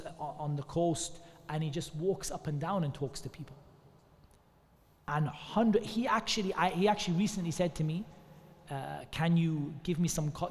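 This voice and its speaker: Man, high-pitched voice, conversational religious talk, long hall reverb. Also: darkish tone. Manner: conversational, many restarts and asides. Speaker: speaker giving a talk at an Islamic centre. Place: mosque hall.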